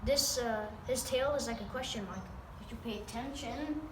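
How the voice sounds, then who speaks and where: Pet vlogger, female, slightly high voice, doting, chatty, filmed in a roomy space from a distance. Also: moderate pace. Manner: chatty, doting, with frequent fillers and restarts. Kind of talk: casual narration while filming her cat. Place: at home near a backyard. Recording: roomy, distant mic, noisy background.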